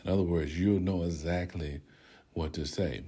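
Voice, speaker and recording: A middle-aged man delivers a podcast sermon in an extremely low, deep voice. He talks emphatically, often checks in with "right?", and leads his listeners through lines to repeat after him. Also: steady tone, normal speed, mellow, slightly rough. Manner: emphatic, often asks "right?", leads call-and-response affirmations. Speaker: podcast host and preacher. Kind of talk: sermon-style podcast talk.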